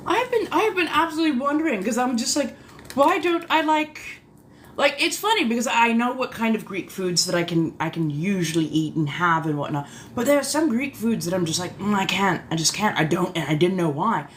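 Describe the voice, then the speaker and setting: A woman streamer with a slightly high voice chats live as a vampire persona, using a put-on old colonial accent that blends English, Scottish and Irish tones. Genteel and theatrical, she answers her chat with drawn-out exclamations, and there's slight background noise.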